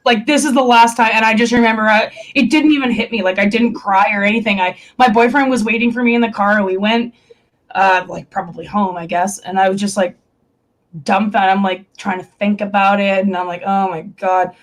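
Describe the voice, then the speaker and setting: A young woman co-hosting a stream chats casually and candidly, rambling with lots of fillers and swearing. Her voice is mid-range and her tone steady, with a brisk pace.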